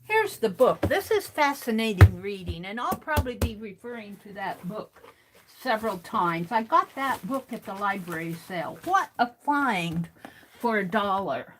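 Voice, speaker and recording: A woman's voice: mid-range voice, lively intonation, moderate pace, noisy background. A woman art streamer rambling through a story as she crafts, chatty and full of restarts. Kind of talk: casual storytelling while crafting.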